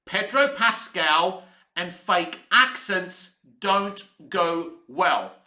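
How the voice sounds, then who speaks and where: A man's voice: high voice, animated, extremely slow, bright, forceful tone, roomy sound. A man giving a blunt, candid TV review to camera, swearing freely. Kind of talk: casual opinionated review to camera. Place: room where he is based, in Cyprus.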